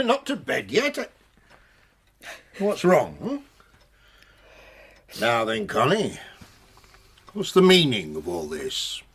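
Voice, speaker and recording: A man's voice: mid-range voice, huge pitch swings, takes it slowly, long pauses, a bit bright, husky, full character voice. An actor playing a blunt, jovial middle-aged father in a radio drama. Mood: bluff.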